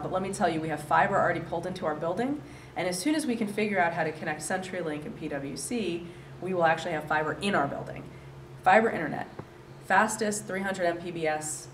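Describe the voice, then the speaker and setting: A woman with a lowish voice runs a lively presentation as director of a coworking space, chatting, joking and laughing often. She's captured distantly in a roomy space with faint background noise.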